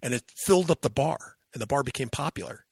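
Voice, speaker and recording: A man hosting a podcast in casual chat, retelling stories in an animated way and acting out bits of voices. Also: mid-range voice, fast talker, creaky, slightly rough, no echo, studio quality. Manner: animated storyteller, acts out voices. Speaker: podcast host.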